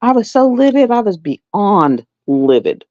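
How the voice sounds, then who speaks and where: A woman's voice: mid-range voice, very animated, a little slow, darkish tone. A middle-aged woman hosting a livestream, chatting casually and rambling through stories while she sews. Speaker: livestream host. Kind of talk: casual chat while sewing. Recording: dull lo-fi dry sound.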